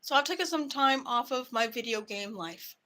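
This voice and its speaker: A woman's voice: on the high side, expressive, normal speed, sharp tone. A woman vlogger ranting to camera in a heated, profane way about her work. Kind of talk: angry personal rant to camera.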